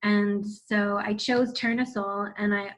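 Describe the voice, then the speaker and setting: A woman's voice: mid-range voice, little pitch movement, takes it slowly, fairly bright tone, low-quality recording. A woman in her forties, a guest on a video-call interview, telling her story candidly with casual swearing and laughter. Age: 40s. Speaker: guest, founder of a wellness center.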